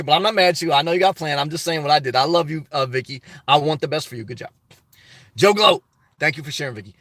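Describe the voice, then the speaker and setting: A man with a fairly high voice runs a casual live stream, reading out viewer comments and replying to each one. He is chatty, affectionate and blunt. The recording is dry and close, with no room echo. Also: fairly bright tone. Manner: upbeat, talkative, affectionate, blunt and direct. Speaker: vlogger hosting a live chat.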